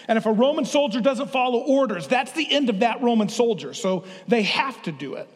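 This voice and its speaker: A middle-aged pastor with a high-pitched voice leads an interactive sermon, playful and drawing his congregation in. His words ring out with a long reverb through a church sanctuary. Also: animated, a little fast.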